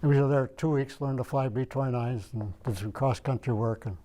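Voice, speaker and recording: Brisk and dark-toned, with a medium pitch, this older Michigan man is a veteran giving an oral history interview. He wanders as he talks, thinking aloud while he tries to remember.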